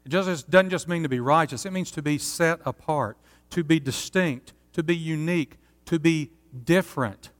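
Man, pastor, sermon, earnest preaching, rhetorical questions, slightly higher voice, long church reverb. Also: moderate pace.

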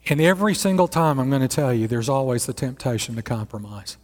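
A man in his sixties, a pastor preaching a sermon in a lively, conversational storytelling manner. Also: mid-range voice, fast talker. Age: 60s. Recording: echoey hall.

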